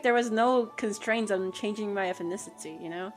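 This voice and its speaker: A woman's voice: medium pitch, normal speed, faint music behind. A woman art streamer in casual live-stream chat, playful and joking, often laughing.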